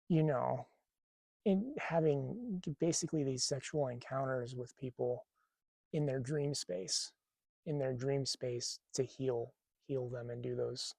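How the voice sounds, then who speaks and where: A man tells a personal story in a relaxed, rambling way, often stopping with fillers and starting over. His voice is gravelly and mellow at a medium pitch. The recording is dry and close, with no room sound. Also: no room sound. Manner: rambling, hesitant, many fillers and restarts. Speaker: spiritual channeler.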